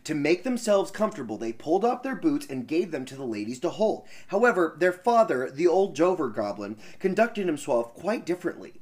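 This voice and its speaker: A man reading a fairy tale aloud on a podcast, breaking off for casual banter and laughing asides. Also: on the high side. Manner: animated, laughing asides, quick voices for characters.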